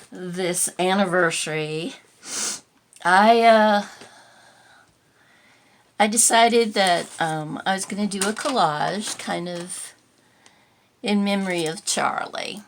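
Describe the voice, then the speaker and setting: Older woman, vlog host, slow gentle talk, gravelly low voice, rambling pauses. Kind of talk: reflective personal vlog.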